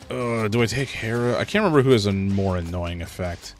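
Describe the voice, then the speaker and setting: A man streaming a video game, chatting and joking as he thinks out loud about his choices. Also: fairly low pitch, fairly quick, faint music behind. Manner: chatty, joking, thinks aloud while playing. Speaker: gaming streamer. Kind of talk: casual live gameplay commentary.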